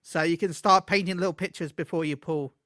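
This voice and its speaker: Bright, high-voiced excitable man. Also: brisk, no echo, studio quality. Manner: excitable, laughing, stumbles over words. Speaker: podcast co-host. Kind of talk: casual gaming chat.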